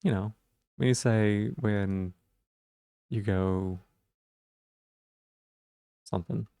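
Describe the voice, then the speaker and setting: Slow gravelly man riffing on silly puns. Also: on the low side, fairly even intonation, dark tone, no room sound. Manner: playful, rambling, repeats silly puns. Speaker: streamer. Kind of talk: casual live-stream chat.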